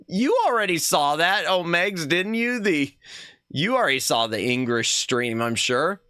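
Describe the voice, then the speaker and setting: A man's voice: a little high, animated, a little slow, bright, forceful tone, smooth, no echo, clean studio sound. A man chatting casually while streaming a retro game, playful and laughing at himself as he reads the game text aloud. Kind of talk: casual live-stream gaming chat.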